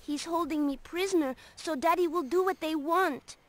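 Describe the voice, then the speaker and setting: A woman's voice: very high voice, normal speed. A woman voicing a young girl held prisoner in a video game, who gives guarded, curt replies. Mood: wary.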